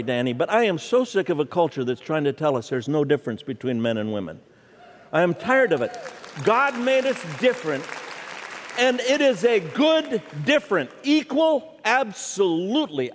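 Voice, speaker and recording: A middle-aged man preaching a humorous sermon in a church, telling stories and joking with the audience. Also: high voice. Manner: storytelling, animated, jokes with the audience. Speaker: guest preacher. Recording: church hall reverb.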